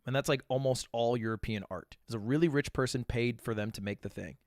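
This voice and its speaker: A man's voice: mid-range voice, a little fast, dry recording, studio quality. A young man in his twenties chatting casually and reacting to clips on a stream, rambling and swearing a lot.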